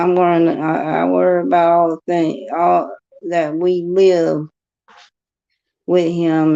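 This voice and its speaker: A sibling guest on a podcast livestream, talking slowly and haltingly, repeating words. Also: medium pitch, creaky, mellow. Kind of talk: livestream chat. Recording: dull lo-fi livestream audio.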